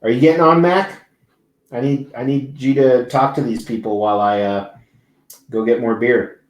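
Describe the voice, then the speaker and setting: A man's voice: medium pitch, fairly even intonation, normal speed, echoey room. A man hosting a live stream, chatting casually and rambling, swearing freely as he talks to viewers. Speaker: livestream host. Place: large indoor convention venue.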